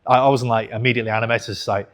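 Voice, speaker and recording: Guy in his 30s telling a story straight to camera, mid-pitched, chatty, swears a bit. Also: fairly even intonation, rapid-fire. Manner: frank, conversational, swears casually, self-corrects. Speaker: investing channel host.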